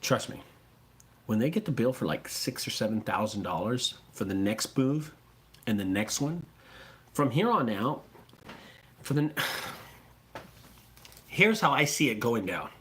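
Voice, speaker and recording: A man who runs a junk removal business, talking casually and excitably to his viewers, swearing freely and repeating himself. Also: mid-range voice, a little slow, long pauses. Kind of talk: casual profane vlog talk.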